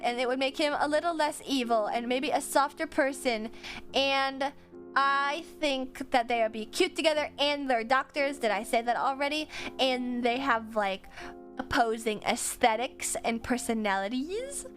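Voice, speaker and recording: A woman's voice: sits high, measured pace, a bit bright, soft background music. A woman streamer chatting casually with her viewers while she draws, swearing freely and laughing often.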